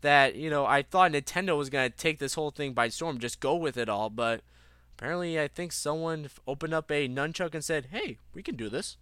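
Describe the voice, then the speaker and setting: A man's voice: fairly high pitch, brisk, pushed and bright, clean tone, no room sound. A young man hosting a casual gaming news podcast, rambling with many fillers and restarts. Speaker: podcast host.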